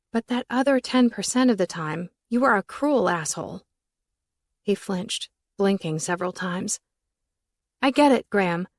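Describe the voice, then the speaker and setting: A woman's voice: medium pitch, no room sound, studio quality. A young woman reading a first-person romance audiobook, with a wry, sarcastic narrating voice.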